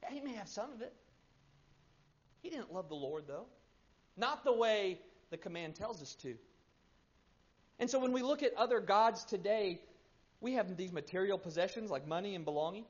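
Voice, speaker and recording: A pastor in his thirties preaching a sermon, swinging between loud emphasis and hushed, quiet stretches. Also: high-pitched, lively intonation, normal speed, long pauses. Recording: muffled lo-fi sermon recording.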